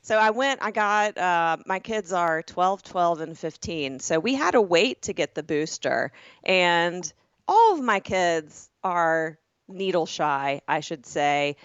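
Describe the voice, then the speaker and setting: Southern woman, forties, podcast co-host, animated storyteller; lo-fi dry recording. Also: on the low side, slow, clear, resonant tone, no echo. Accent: Southern American. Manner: animated, laughs often, acts out the people in her stories. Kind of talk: comedic storytelling. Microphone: podcast microphone. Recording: slightly dull, lo-fi, dry.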